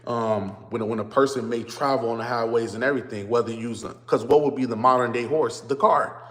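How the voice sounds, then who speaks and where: A man streams casually to his viewers from a phone on a stand. He repeats his greetings again and again, then rants as he lays out his point. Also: on the low side. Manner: repetitive greetings, then ranting explanation. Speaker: vlogger. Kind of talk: casual livestream talk to viewers.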